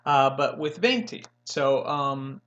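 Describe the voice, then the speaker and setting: A man's voice: mid-range voice, lively intonation, fairly bright tone, dull audio. A young man giving a casual spoken language lesson, rambling and joking as he corrects himself. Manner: rambling, jokey, self-correcting, slow and drawn out. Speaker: language learning host.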